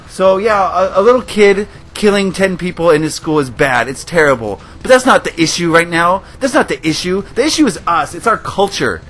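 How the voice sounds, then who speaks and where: A man's voice: sits high, lively intonation, moderate pace, a bit bright, soft background music. A man hosting a gaming video, giving a passionate, emotional rant to his viewers. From United States. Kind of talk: ranting commentary over gameplay.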